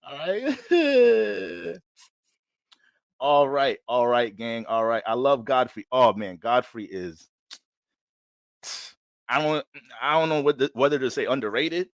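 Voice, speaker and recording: A man chats casually on his astrology livestream. He talks in a loose, slangy, animated way, at a middling pitch. His voice sounds dry and close, with little room around it. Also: a little slow, long pauses, no echo. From Bronx, New York.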